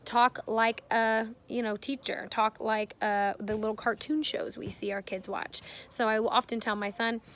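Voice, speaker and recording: A woman's voice: on the high side, flat delivery, normal speed, few pauses, fairly bright tone. Earnest woman giving parenting advice. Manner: earnest, explains at length, acts out her kids' voices. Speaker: parenting vlogger. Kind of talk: casual advice talk to camera.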